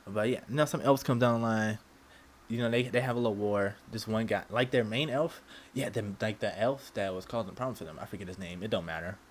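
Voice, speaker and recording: A man's voice: fairly low pitch, a little fast, slight background noise. A man giving casual anime commentary, rambling with lots of stammered restarts and slang.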